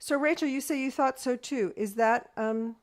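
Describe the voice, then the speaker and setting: A woman's voice: high voice, moderate pace. A patient woman teaching over a video call. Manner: patient step-by-step instruction, counting beats aloud; sings rhythm syllables to demonstrate. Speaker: music teacher. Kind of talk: online group music lesson.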